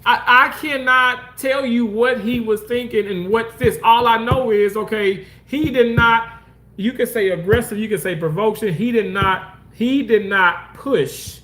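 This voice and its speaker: A man hosting a casual livestream, reading comments and talking loosely, swearing often and jumping into exaggerated mock voices. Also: normal speed. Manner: animated, swearing, swings into high mock voices. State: homeless, says so. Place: outdoors park.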